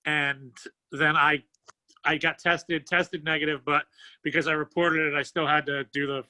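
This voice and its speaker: Bright-voiced comedian guest. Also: male voice, on the high side, level tone, moderate pace, no echo, low-quality recording. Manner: rambling, laughs easily, swears. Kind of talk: casual comedic chat.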